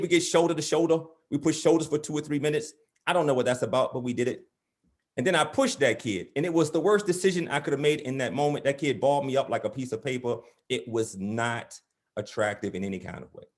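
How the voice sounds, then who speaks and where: A middle-aged man performing before an audience, mixing a comic story with spoken word poetry. His delivery is rhythmic and theatrical, and he slips into playful voices for the people in his tale. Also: medium pitch. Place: in front of a live audience.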